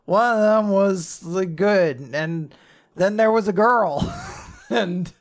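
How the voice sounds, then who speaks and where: Brief: man, slightly high voice, laughs through a casual episode recap. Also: takes it slowly. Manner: laughs often while retelling scenes. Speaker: podcast co-host recapping an anime episode. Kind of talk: casual chat.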